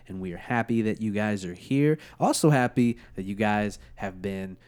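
A man's voice: lowish voice, lively intonation, moderate pace, darkish tone, clean tone. A man in his late twenties hosting a podcast, chatting casually and joking with lots of profanity. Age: 20s. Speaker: podcast host. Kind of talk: casual chat.

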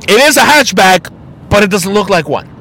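A young man with a fairly high voice tells a casual, swear-filled story as a podcast host. He talks in an animated way and slips into other people's voices as he goes. His manner is loose and conversational, like a friend recounting his week. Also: normal speed, slight background noise.

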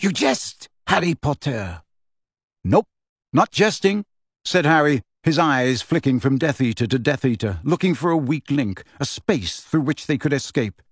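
A man reading a novel passage aloud on a podcast, lively and changing his voice for the characters. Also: medium pitch, measured pace, breathy edge, dry recording, studio quality.

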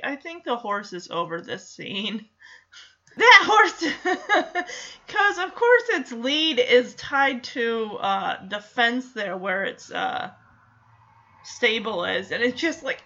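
A woman's voice: medium pitch, sharp tone, highs cut off. A woman chatting wryly through an episode recap, laughing often and acting out quotes.

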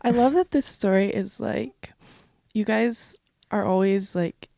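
A woman's voice: mid-range voice, measured pace, creaky, mellow. A woman interviewer asking questions in a casual, chatty way, with lots of filler words.

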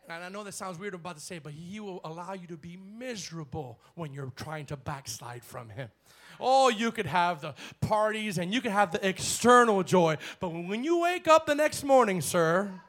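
A male pastor preaching a bold sermon in church, swinging from shouted lines to hushed ones. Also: sits high, big pitch swings, moderate pace.

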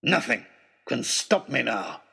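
Man putting on a snarling brutal villain, gravelly, husky, low and menacing, storybook bad guy. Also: measured pace, fairly bright tone, heavily acted. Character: savage murderous adult male villain.

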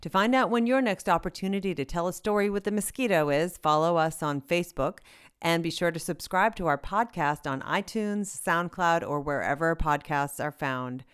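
A woman hosting a podcast, reading its closing credits from a script in an even delivery. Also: deep voice, clear, resonant tone. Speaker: podcast host.

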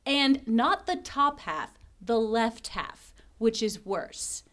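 A woman's voice: a little high, sing-song, takes it slowly, a bit bright. A woman co-hosting a casual chat podcast, telling stories animatedly, laughing often and dropping into mock whispers. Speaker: podcast co-host.

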